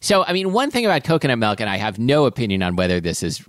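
A man co-hosting a casual food podcast, explaining things in a halting way with many fillers. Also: medium pitch, very animated, soft background music. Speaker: podcast co-host. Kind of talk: casual chat.

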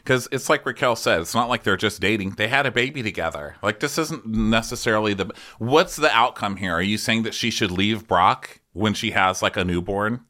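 A man's voice: lowish voice, normal speed, few pauses, sharp tone. A man co-hosting a comedy podcast, casually recapping a reality show, swearing and acting out quotes in mocking voices. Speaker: podcast co-host.

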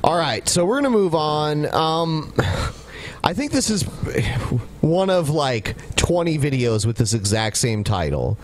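A man's voice: on the high side, very animated, measured pace. A man hosting a podcast in a loose, casual conversational way, introducing clips. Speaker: podcast host. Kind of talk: casual chat.

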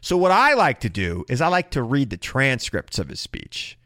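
A man's voice: mid-range voice, wildly swooping pitch, moderate pace, sharp tone, no room sound, clean studio sound. A man hosting a political talk show, giving emphatic, sarcastic commentary and repeating his points.

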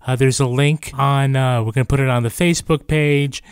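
A man co-hosting a true crime podcast, speaking haltingly with many pauses and fillers. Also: medium pitch, fairly even intonation, smooth, no room sound, studio quality. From New Hampshire. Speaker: podcast co-host. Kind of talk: casual podcast chat.

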